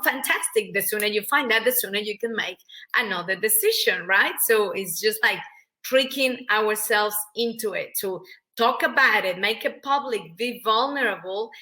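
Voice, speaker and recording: Bright Mexican-accented woman, emphatic. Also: fairly high pitch. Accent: Mexican Spanish. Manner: energetic, emphatic, acts out quoted voices. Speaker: guest. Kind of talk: animated interview talk.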